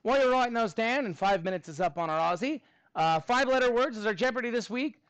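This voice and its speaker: Male teacher in a classroom, high voice with wide swings, playful and animated, dry mic. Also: fast talker, clean tone, no room sound, low-quality recording. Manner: animated, playful, many fillers. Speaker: math teacher. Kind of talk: classroom lesson.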